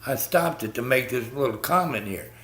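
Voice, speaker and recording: A man's voice: mid-range voice, lively intonation, normal speed, a bit bright. A man hosting a live stream, ranting bluntly and swearing constantly as he talks to viewers about politics.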